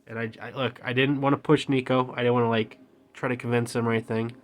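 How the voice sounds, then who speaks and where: A man hosting a gameplay video, reading a game story aloud in a quiet, low-key way with joking asides. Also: flat delivery, quick pace. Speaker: gameplay channel host.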